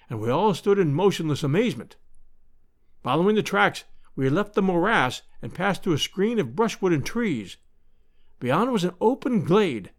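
A male narrator reads an adventure novel aloud in scripted narration, measured yet expressive. His voice sits fairly high and moves with lively, wide-ranging intonation. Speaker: audiobook narrator.

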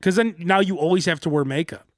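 A man co-hosting a casual wrestling podcast who laughs a lot and breaks into loud mock shouts. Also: high-pitched, fast, no echo, clean studio sound. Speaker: podcast co-host. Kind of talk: casual chat.

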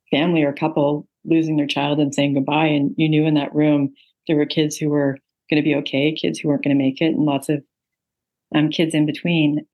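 A woman's voice: low voice, lo-fi sound. A middle-aged woman, an author and interview guest, telling a personal story earnestly with many ums and uhs. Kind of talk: interview conversation.

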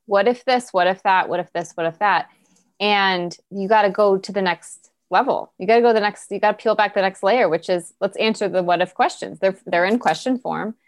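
A woman's voice: medium pitch, fairly quick. A woman guest speaking as an author and coach in a casual podcast conversation, with an encouraging, coaching tone.

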